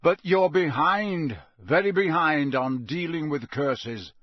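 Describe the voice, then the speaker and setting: A man reading aloud, voicing a gruff, scarred old male wizard teacher who speaks in a blunt growl. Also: a little high, animated, takes it slowly, a bit bright, no room sound, pitched above the performer's own voice, full character voice.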